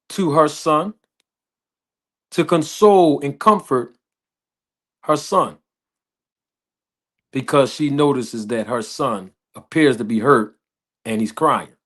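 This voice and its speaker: A man telling a story slowly and deliberately, repeating phrases as he builds it up. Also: mid-range voice, fairly bright tone. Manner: slow, deliberate, repetitive storytelling with laughs. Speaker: podcast host. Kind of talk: slow storytelling.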